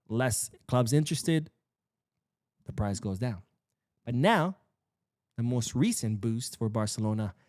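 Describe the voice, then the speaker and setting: A man's voice: medium pitch, darkish tone, no echo, clean studio sound. A man hosting a solo football news show, talking casually and sarcastically, swearing and acting out quotes. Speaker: football podcast host.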